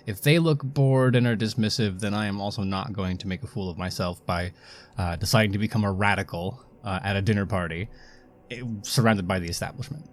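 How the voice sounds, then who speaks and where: A man's voice: lowish voice, fairly even intonation, a little fast. A man playing a tabletop roleplaying game who talks hesitantly, with many fillers. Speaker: player.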